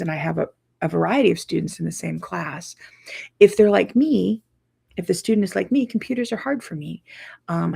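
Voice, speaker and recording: Sleepy quilting lady chatting live, low gravelly husky voice. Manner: tired, yawning, chatty, warm with viewers. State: tired from lack of sleep. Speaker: quilting teacher. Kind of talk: casual live chat to viewers.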